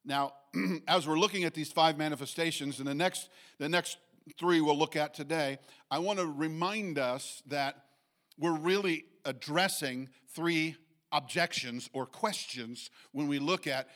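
A man preaching a sermon, reading scripture and speaking with animated rises, restarts and fillers. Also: a little high, measured pace. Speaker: pastor.

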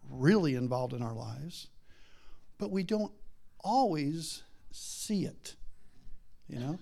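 A man's voice: on the high side, creaky, darkish tone. A middle-aged man preaching a casual sermon, chatty and rambling, laughing often and acting out voices in his stories. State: has a daughter.

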